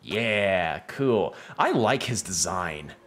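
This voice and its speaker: A man streaming a video game, talking casually and thinking aloud as he plays. His voice sits low but moves around a lot. Faint game music plays behind him. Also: lively intonation, takes it slowly, a bit bright. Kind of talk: casual gameplay commentary.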